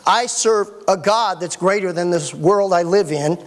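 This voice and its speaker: A man's voice: high voice, a little slow. Folksy preacher man. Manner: animated, folksy preaching with joking asides. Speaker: pastor. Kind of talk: sermon.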